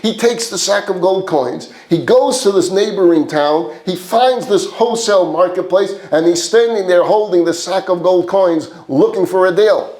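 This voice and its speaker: A man preaching as a rabbi, telling a story in an animated way and acting out its characters. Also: high-pitched, moderate pace, hardly any pauses. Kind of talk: storytelling sermon. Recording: roomy echo.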